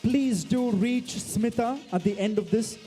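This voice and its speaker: An excitable man runs a charity auction from a stage mic, shouting out bids. His voice sits very high yet sounds mellow. A long reverb from a large event hall trails every word. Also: measured pace, soft background music. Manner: energetic, excitable, calls out bids. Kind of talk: live auction emceeing.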